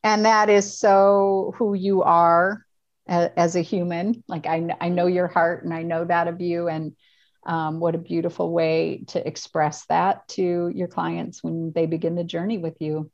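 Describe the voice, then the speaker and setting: Woman podcast host, lowish voice, affirming, kinda muffled lo-fi line. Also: little pitch movement, a little slow. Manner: affirming, warm encouragement. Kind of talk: interviewing.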